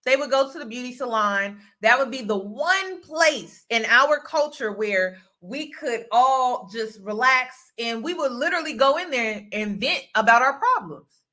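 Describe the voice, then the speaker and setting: A host and mentor from the United States speaks directly to her viewers in a casual vlog monologue, her voice slightly high, very bright, and expressive. She talks a little slowly and earnestly, circling back to repeat key phrases for emphasis. The tone stays close and conversational.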